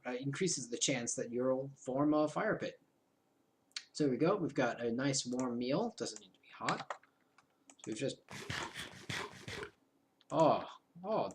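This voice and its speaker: A man's voice: mid-range voice, noisy background. Rambling young man narrating a game. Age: 20s. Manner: rambling, self-mocking asides. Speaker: gaming video host. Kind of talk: casual game commentary.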